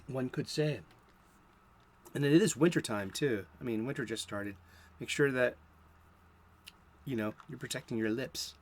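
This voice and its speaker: A man with a medium-pitched, expressive voice speaks at a measured pace and pauses often. He is a comic book podcast host in his fifties from South Boston, Massachusetts, with a Boston accent, giving a casual solo talk about comics that wanders into jokes.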